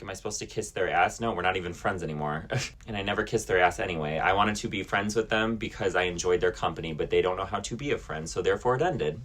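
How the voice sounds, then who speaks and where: A man's voice: deep voice, fairly bright tone. A man venting bluntly to camera in a casual storytime vlog, indignant and swearing. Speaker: vlogger.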